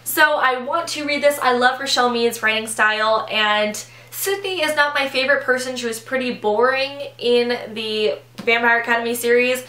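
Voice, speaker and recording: A woman's voice: a little high, normal speed, few pauses, bright, forceful tone, roomy sound. Chatty young woman losing her voice. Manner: chatty and eager. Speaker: book vlogger. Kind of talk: casual chat to camera.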